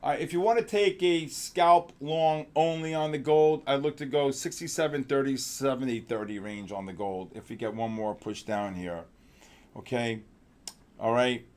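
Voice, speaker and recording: A man hosting a live trading stream, talking excitedly about the markets and bantering in exasperation with his crew. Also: mid-range voice, normal speed. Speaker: trading show host.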